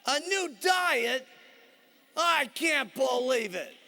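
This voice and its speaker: A man playing a loud, angry husband who shouts in disbelief. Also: very high-pitched, lively intonation, very slow, exaggerated voice. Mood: outraged. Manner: shouting, incredulous. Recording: long hall reverb.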